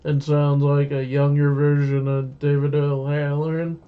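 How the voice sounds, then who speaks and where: Slow, flat-voiced man adding asides. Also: on the high side, clean tone, narrow, tinny audio. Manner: adds short asides to the recap. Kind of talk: casual chat.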